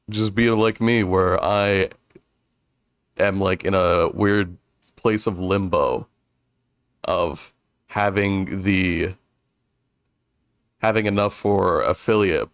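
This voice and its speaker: A man's voice: lowish voice, dry recording, clean studio sound. A male streamer chatting casually during a game, rambling with restarts and frequent chuckles. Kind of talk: casual let's-play chat.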